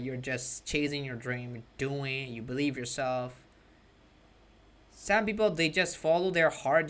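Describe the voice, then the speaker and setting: A man's voice: on the high side, fairly bright tone. A man from Myanmar, an English teacher explaining a story to students and often checking in with "right?".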